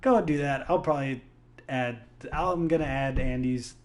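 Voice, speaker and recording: A man's voice: mid-range voice, normal speed. Young man, podcast host, tired late-night voice, laid-back joking banter. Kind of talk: casual chat.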